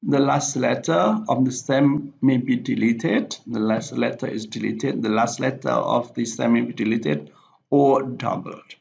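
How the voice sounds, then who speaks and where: A male teacher giving a recorded slide lecture, halting with frequent fillers and self-corrections. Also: mid-range voice, vocal fry, darkish tone. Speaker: English teacher. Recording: dull lo-fi recording.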